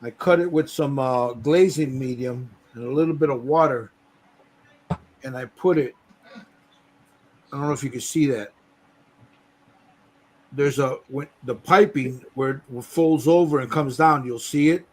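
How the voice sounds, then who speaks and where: A man hosting a model-painting session, explaining his steps in a relaxed, rambling way and swearing casually. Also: medium pitch, unhurried, long pauses. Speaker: host painting a model bust. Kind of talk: casual chat while painting.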